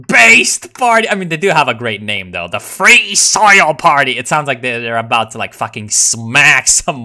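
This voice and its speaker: A man giving casual commentary while playing a strategy game, excitable and profane, full of ironic meme slang. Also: mid-range voice.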